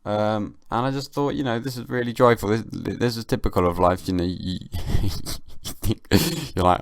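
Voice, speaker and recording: Young guy hosting his own podcast at home, half-asleep, deadpan rambling comedy; low voice, dry room. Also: moderate pace, no echo. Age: young adult. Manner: rambling, deadpan comic musing. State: sleepy, just woken. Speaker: podcast host. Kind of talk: casual solo monologue. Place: at home, downstairs.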